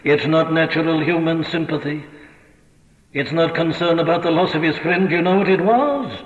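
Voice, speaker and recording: A man's voice: fairly high pitch, moderate pace. A man preaching a sermon, impassioned and emphatic, who asks question after question and repeats his points. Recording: lo-fi archive recording in an echoey hall.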